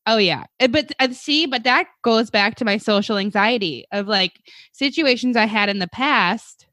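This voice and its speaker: A woman's voice: fairly high pitch, moderate pace, sharp tone, no room sound, studio quality. A woman co-hosting a podcast in casual chat, candid and chatty, laughing easily. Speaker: podcast co-host.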